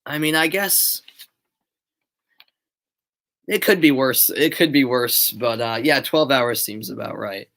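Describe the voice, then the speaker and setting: A man's voice: medium pitch, slow pace, vocal fry, long pauses. A young man in his late teens with a light Boston accent gives live play-by-play of a soccer match. Between plays he chats casually with viewers, with fillers and hesitations. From Boston area, USA. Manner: chatty, answers viewers' chat between plays; animated calling of play, relaxed and hesitant in chat. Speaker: amateur play-by-play commentator. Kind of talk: live streamed play-by-play commentary with chat.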